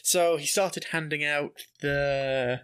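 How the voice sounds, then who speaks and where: A man's voice: fairly high pitch, slow, clear, resonant tone. A Scottish man casually telling a school story, swearing freely and acting out the people in it. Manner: animated, swears freely, acts out voices in anecdotes.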